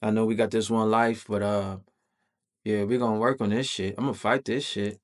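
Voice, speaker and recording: A man's voice: fairly low pitch, steady tone, normal speed. A man hosting a podcast, telling a personal story in loose, slangy, profane conversational talk. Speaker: podcast host.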